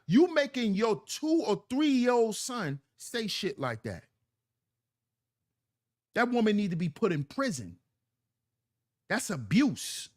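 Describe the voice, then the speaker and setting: A man hosting a livestream, commenting on clips and reading chat in a preachy, emphatic way that repeats lines for effect. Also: very high voice. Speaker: livestream host.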